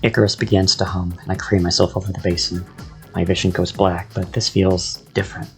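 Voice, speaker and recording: A man narrates a first-person story in a measured, descriptive way. His voice is low and gravelly, with faint music playing underneath. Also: flat delivery.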